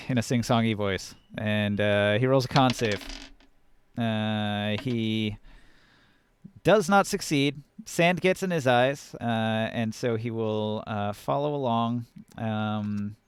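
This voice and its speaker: A man's voice: fairly low pitch, slow, clear, resonant tone, no room sound. A man running a tabletop game as game master, casually narrating the action and sound effects. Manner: casual, animated narration with counting and sound words.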